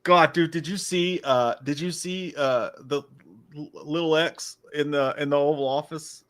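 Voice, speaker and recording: A man co-hosting a casual podcast, telling stories in an animated way, laughing often and swearing freely. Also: fairly high pitch, a little slow. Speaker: podcast co-host. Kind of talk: casual profane chat.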